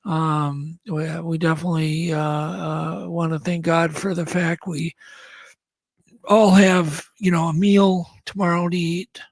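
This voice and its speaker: A man's voice: a little high, flat delivery, measured pace, creaky, dry recording. A man hosting a radio talk show, signing off in an earnest, thankful way. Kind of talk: show sign-off chat.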